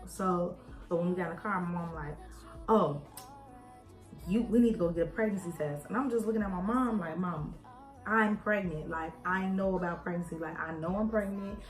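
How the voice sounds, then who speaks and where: A woman's voice: fairly low pitch, moderate pace. A young woman casually telling a personal story to her viewers as she does her makeup, playing out other people's lines in voices. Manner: animated, acts out quoted voices, addresses viewers as y'all. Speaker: beauty vlogger. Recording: echoey room with faint music.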